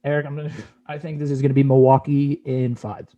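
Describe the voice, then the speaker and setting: A man's voice: mid-range voice, level tone, fast, mellow, lo-fi sound. A young man co-hosting a sports podcast, brash and opinionated, casually swearing as he talks playoff picks.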